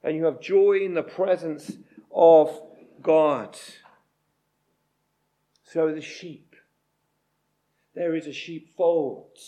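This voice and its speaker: In a fairly high, mellow voice with a steady tone, a male preacher gives a sermon. He goes slowly and deliberately, pressing hard on phrases he repeats.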